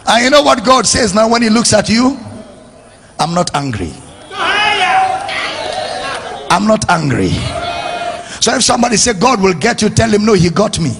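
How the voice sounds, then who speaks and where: A male pastor preaching a sermon, leading the congregation in loud call-and-response. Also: extremely high pitch, quick pace, creaky, hardly any pauses. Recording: noisy live crowd.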